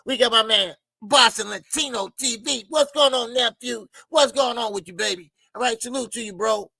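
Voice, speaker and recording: A man's voice: sits high, creaky, slightly rough, dry recording. A man hosting a casual boxing livestream, laid-back and chatty, greeting viewers by name and laughing often. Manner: loose, shout-outs to chat, laughs often.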